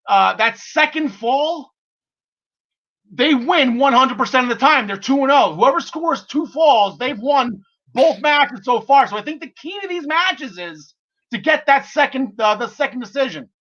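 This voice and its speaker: High, bright-voiced male podcast host. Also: animated, unhurried, muffled recording. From half Irish. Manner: enthusiastic, laughs often, many fillers and restarts. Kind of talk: casual wrestling podcast chat.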